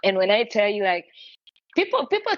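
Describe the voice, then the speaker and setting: A woman hosting a podcast in casual live-stream chat, talking in a chatty, animated way with many restarts. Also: medium pitch, a little fast, no echo, highs cut off. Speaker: podcast host.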